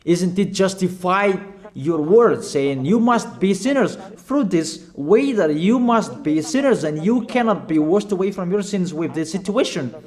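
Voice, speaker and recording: A male preacher delivering a sermon at an unhurried, deliberate pace, his voice sitting a little high for a man. He speaks halting non-native English full of fillers and restarts. He hammers his point home with short, repeated commands. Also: expressive, a little mellow. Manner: emphatic, repetitive exhortation with short commanding phrases.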